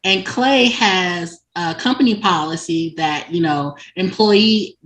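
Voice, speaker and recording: A woman's voice: on the low side, slow, fairly bright tone. A woman chatting casually about a romance book, telling the story with lots of fillers and laughing asides. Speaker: book reviewer. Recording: echoey room.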